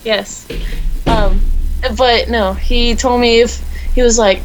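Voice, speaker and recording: A woman's voice: on the high side, lively intonation, slow pace, long pauses, slight background noise, rough recording. A teenage girl co-hosting a casual podcast, telling a long rambling story full of fillers. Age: teens. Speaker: podcast co-host. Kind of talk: casual chat.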